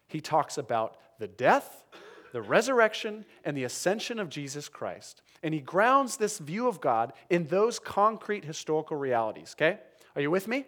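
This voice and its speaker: A man preaching a sermon as pastor, earnest and dynamic, often dropping to soft, emphatic lows. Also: very animated, moderate pace.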